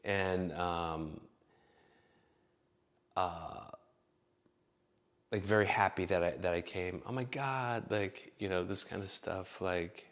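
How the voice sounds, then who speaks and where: A man's voice: low voice, level tone, slow, pauses often, fairly bright tone. A man telling a long personal story in a casual, rambling way, full of fillers and swearing. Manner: rambling, profane, filler-heavy.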